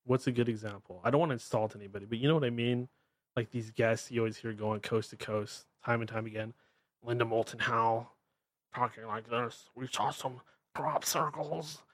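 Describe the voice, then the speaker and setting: Blunt profane host with Northwest accent. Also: male voice, medium pitch, steady tone, fairly quick, no room sound. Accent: Pacific Northwest American. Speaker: podcast host. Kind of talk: ranting monologue.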